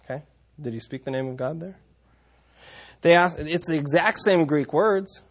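Man teaching scripture, high-ish voice. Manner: conversational, reads verses aloud, self-correcting restarts. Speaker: Bible teacher.

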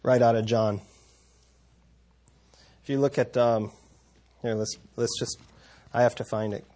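A man's voice: medium pitch, level tone, unhurried, a little mellow. A man teaching a Bible passage in a conversational way, reading verses aloud and stopping often to correct himself. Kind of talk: scripture teaching talk.

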